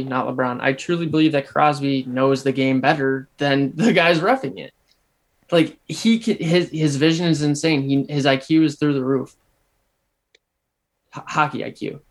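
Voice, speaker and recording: A young man co-hosting a casual sports podcast. He argues his points emphatically and animatedly, restarting his sentences as he goes. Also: a little high. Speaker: podcast co-host.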